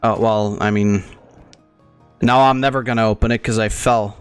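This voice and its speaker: A man's voice: fairly low pitch, fairly even intonation, normal speed, long pauses, smooth, faint music behind. A young man hosting his gaming channel, rambling through casual, crude and profane commentary as he plays.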